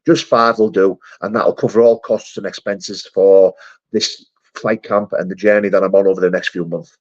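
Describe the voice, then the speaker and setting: Man, casual live-stream chat, matey, low voice, dull lo-fi audio. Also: level tone, moderate pace. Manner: chatty, matey, calls viewers mate and brother.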